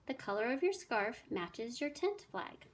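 A woman doing a lively noble lady hostess. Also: on the high side, measured pace, a little hiss or hum. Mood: excited.

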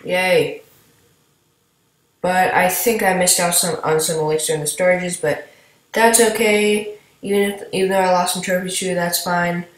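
A woman's voice: lowish voice, fairly even intonation, normal speed. A woman giving casual, rambling commentary while playing a game and talking to her viewers. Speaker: gameplay commentator. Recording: echoey room.

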